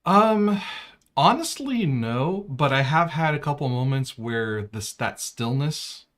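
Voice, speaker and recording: A man's voice: mid-range voice, expressive, slow pace, fairly bright tone. A man co-hosting a podcast in casual chat, easygoing and teasing. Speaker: podcast co-host.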